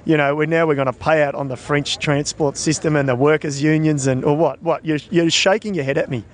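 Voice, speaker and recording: A man's voice: a little high, fairly even intonation, brisk. A man co-hosting a cycling podcast, bantering and laughing as he chats. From Australia. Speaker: podcast co-host. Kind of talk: casual chat.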